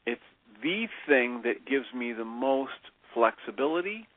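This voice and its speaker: A man talking as a radio show guest, sincere and a little halting, restarting his sentences. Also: medium pitch, lively intonation, no room sound. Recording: dry phone-line sound.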